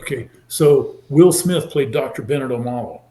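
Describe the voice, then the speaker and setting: A man in his sixties from California, a former football player telling his story in an animated way and acting out the people he quotes. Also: mid-range voice, moderate pace. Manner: animated, acts out quoted voices. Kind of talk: casual storytelling interview. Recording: roomy echo.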